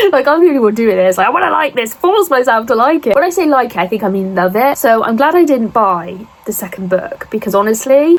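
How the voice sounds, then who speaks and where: Young woman, book vlogger; slightly raised pitch, faintly husky, rambling and self-deprecating. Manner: rambling, animated, self-deprecating, with asides to the viewer. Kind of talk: casual chatty vlog talk.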